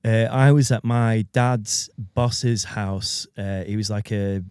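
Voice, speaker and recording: A man hosting a casual podcast chat, relaxed and chatty, laughing along with his guest. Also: on the low side, slow pace, clean tone, dry recording, clean studio sound. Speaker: podcast host.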